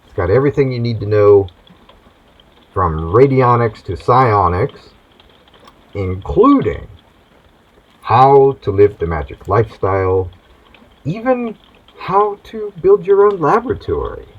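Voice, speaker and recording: A man hosting a comic monologue in a hammy mad-doctor persona. He speaks slowly and swoops through a lively pitch range, and his voice is husky. The recording sounds dull and lo-fi. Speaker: host.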